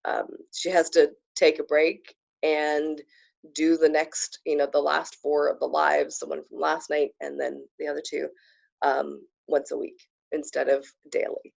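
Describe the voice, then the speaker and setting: A woman's voice: sits low, vocal fry. Bubbly woman coaching on a lo-fi stream. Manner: bubbly and effusive, with frequent fillers and whoops. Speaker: spiritual coach hosting a live program. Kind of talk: casual live-stream coaching talk.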